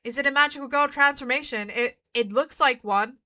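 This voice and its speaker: A woman's voice: high voice, fairly quick, bright, forceful tone. A woman streamer giving live commentary on a story game, ranting in exasperation, swearing and pleading at the screen. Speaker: streamer playing a visual novel. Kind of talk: live let's-play commentary.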